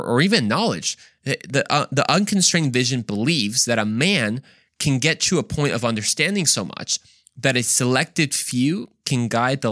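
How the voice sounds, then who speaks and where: A man's voice: medium pitch, fairly bright tone, dry recording, studio quality. A man hosting a podcast, explaining ideas in a casual teaching talk and often checking in with his listeners. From United States. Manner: conversational, explains step by step, often checks in with "right?". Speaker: podcast host.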